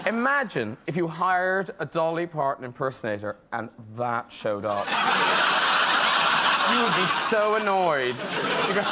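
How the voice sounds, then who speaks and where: A man's voice: a little high, big pitch swings, unhurried. A middle-aged man hosting a chat show, teasing and laughing often as he talks. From Ireland. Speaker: talk show host. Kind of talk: playful chat show banter. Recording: studio audience and noise.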